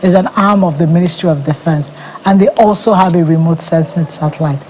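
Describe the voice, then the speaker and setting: A woman's voice: fairly low pitch, fairly quick, darkish tone, a little hiss or hum, poor audio. A Nigerian woman, head of an agency, explaining confidently as a guest in a TV news studio interview. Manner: confident, explanatory, laughs easily.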